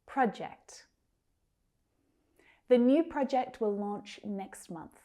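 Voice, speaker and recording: Woman, Australian accent, pronunciation teacher, slow and careful, mellow tone. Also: a little high, animated. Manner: clear, careful enunciation of single words; encouraging, speaks directly to learners. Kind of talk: scripted lesson.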